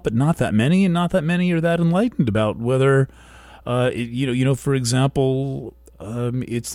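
A man hosting a weekly show, talking in a slow, thoughtful monologue that halts and restarts as he searches for words. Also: medium pitch, darkish tone, dry recording. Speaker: host. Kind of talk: reflective monologue.

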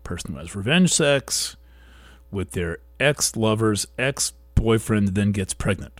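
A man with a lowish voice speaks slowly and thoughtfully, pausing and restarting as he works through his ideas. He sounds like the host of a weekly talk show. The recording is close and dry, with no room echo. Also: animated. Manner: slow, thoughtful, halting with restarts. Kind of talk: reflective monologue.

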